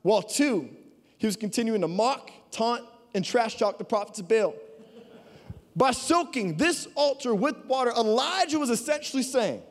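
A man preaching a sermon as a guest speaker, energetic and dynamic, swinging between loud bursts and quiet low lines. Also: moderate pace. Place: church auditorium. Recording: long reverb of a large hall.

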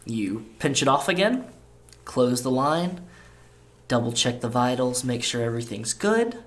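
A man narrating as game master in a relaxed, casual way with many fillers. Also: medium pitch, measured pace.

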